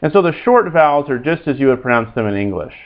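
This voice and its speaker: A man teaching a recorded Latin pronunciation lesson, speaking haltingly with many fillers and repeating each word for students to echo. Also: medium pitch, sing-song, dull audio.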